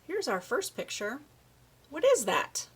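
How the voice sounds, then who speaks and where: A woman giving a children's speech lesson, reading a picture book aloud and slowly modeling words for a young child to repeat. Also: sits high, wildly swooping pitch, husky. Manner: slow, encouraging, exaggerates word sounds for a child. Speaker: speech therapist.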